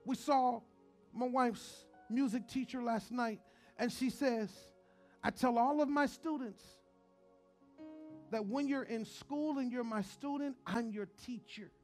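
A man preaching a sermon as pastor, moving between joking storytelling and quiet, earnest preaching. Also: extremely high pitch, slow, faint music behind.

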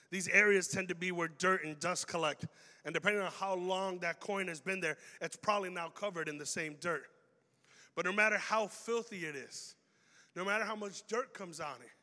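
A man preaching a youth sermon in a large hall, animated and acting out quoted people with humor. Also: high voice. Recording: long reverb of a big hall.

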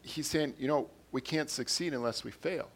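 In an earnest sermon, a man repeats phrases and raises his volume as he reads quotations and scripture. His voice is on the high side, at a moderate pace.

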